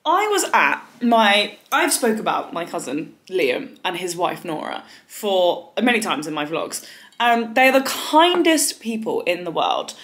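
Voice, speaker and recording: Young woman, twenties, casual home vlog, rambling, animated, swears freely. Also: fairly low pitch, a little slow. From United Kingdom. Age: 20s. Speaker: vlogger.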